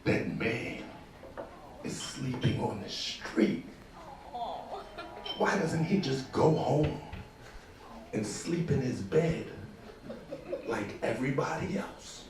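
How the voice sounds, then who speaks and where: A man voicing a young girl who asks innocent, puzzled questions, in a quiet put-on voice. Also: mid-range voice, very animated, takes it slowly, long pauses, pitched above the performer's own voice. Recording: echoey club from far off, crowd.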